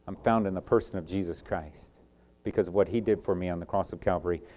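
A man with a Southern US accent preaching a Bible sermon. He builds to emphatic peaks and falls back to quiet, soft lines. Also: deep voice, fast. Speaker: pastor.

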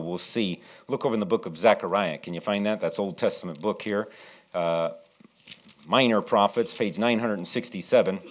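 A middle-aged man preaching a sermon and telling a childhood story, animated and acting out what people said. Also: low voice. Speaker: pastor.

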